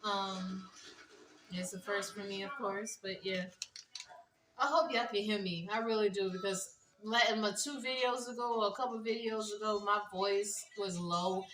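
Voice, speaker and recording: A woman chats loosely to her viewers, mildly high and drifting through fillers and lost thoughts. Her voice is bright and forward, but it is caught by a phone set back from her. The small room around her adds a clear echo. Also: distant mic, a little hiss or hum. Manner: loose, rambling, halting with many fillers. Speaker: vlogger. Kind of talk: casual vlog chat.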